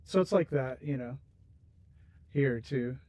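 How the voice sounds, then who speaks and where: A man's voice: mid-range voice, slow, dark tone, dry recording. A man hosting a game livestream, chatting casually and rambling with viewers while he builds, laughing easily. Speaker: livestream host.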